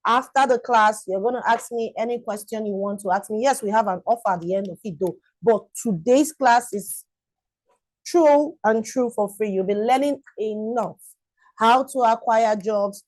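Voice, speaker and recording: A woman's voice: on the high side, normal speed, darkish tone, dry recording, low-quality recording. A woman teaching a live-streamed online class, enthusiastic and repetitive, greeting viewers by name.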